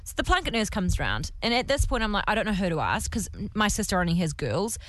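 A woman's voice: medium pitch, very animated, fast, fairly bright tone, no echo. A young woman with a New Zealand accent, a radio host telling a story in a chatty, self-conscious way and laughing as she goes. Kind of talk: casual radio chat, storytelling. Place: radio studio.

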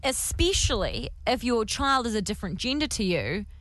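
A woman's voice: fairly high pitch, big pitch swings, moderate pace, fairly bright tone, no echo. A young woman with a New Zealand accent, a radio host telling a story in a chatty, self-conscious way and laughing as she goes. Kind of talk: casual radio chat, storytelling. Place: radio studio.

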